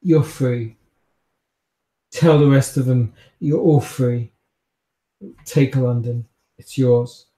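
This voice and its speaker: A man voicing a despairing woman who leads a defeated order, speaking in a solemn, slow farewell. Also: mid-range voice, steady tone, dark tone, natural voice. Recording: echoey room.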